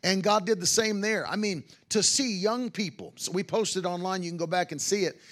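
This man preaches revivals on the road, weaving testimony stories into his sermon, exclaiming hallelujah and quoting people in his own voice. His tone is high and fairly bright, delivered at a moderate pace.

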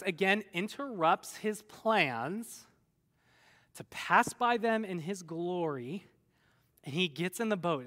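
High bright voiced guy preaching, acts out the bible folks, big echoey hall. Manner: animated storyteller, acts out voices of biblical figures. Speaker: pastor. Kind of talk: sermon.

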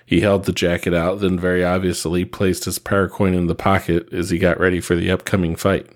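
A man reading fan fiction aloud in a steady, even narration. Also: deep voice, a little fast. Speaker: reader.

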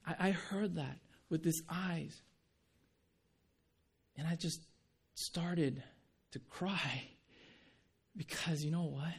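A man's voice: a little high, fairly even intonation, slow pace, creaky, pauses often, breathy edge. A man preaching a sermon, telling a personal testimony in an earnest, conversational way, with frequent restarts and light laughs. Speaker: pastor.

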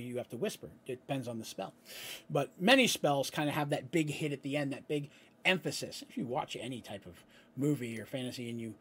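A man runs a tabletop game as game master, narrating the action in a husky, slightly raised voice. He breaks off into casual explanations and keeps checking in with a quick "right?". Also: a little high, fairly bright tone. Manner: explanatory asides, frequent "right?".

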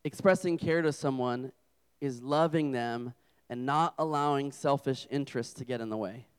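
A man's voice: medium pitch, normal speed, smooth. A young adult man preaching a humorous sermon to a campus group, telling self-deprecating stories as a father. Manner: joking, self-deprecating storyteller.

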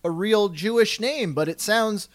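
A man's voice: sits high, measured pace. A man co-hosting a comedy podcast, trading dry, wisecracking banter. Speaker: podcast co-host. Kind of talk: casual comedy podcast chat.

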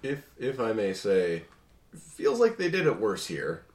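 A man's voice: lowish voice, wildly swooping pitch, a little slow, echoey room. A man co-hosting a casual podcast, giving wry and enthusiastic commentary. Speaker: podcast co-host. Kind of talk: casual chat.

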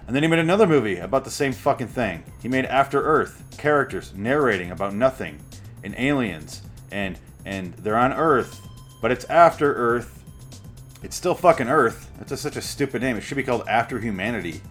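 A man's voice: medium pitch, lively intonation, brisk, a bit bright, soft background music. A man ranting casually about movies in a sarcastic, profane monologue, recorded at home. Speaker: author reading and commenting on his book.

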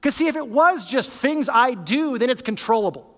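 A man's voice: very high voice, expressive, normal speed, in a large hall. A man, a lead pastor, preaching a sermon in an earnest, conversational way, often restarting his sentences.

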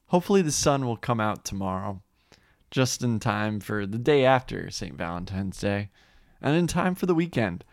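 Laid-back podcast co-host, low voice. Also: male voice, sing-song, normal speed, vocal fry, dry recording, studio quality. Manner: laid-back, laughs often. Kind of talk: casual chat.

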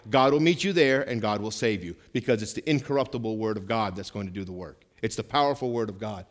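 A pastor in his forties preaching a sermon in church, swinging between loud, emphatic lines and hushed, slower ones. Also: mid-range voice.

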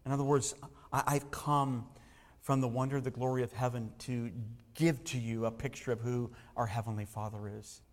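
A man's voice: medium pitch, flat delivery, normal speed. Preaching man in an echoing hall. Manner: emphatic, repeats words when stressing. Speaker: pastor. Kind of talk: sermon.

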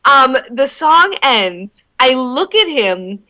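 A young woman telling stories in casual chat, candid and full of filler words, swearing freely with quick asides. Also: high-pitched, rough recording. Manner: animated retelling with quick asides.

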